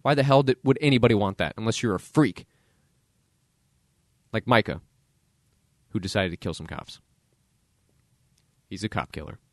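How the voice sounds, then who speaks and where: Blunt, animated man hosting a podcast. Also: fairly low pitch, normal speed, pauses often, no room sound, studio quality. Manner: blunt, acts out voices in dialogue. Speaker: podcast host. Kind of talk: casual opinion commentary.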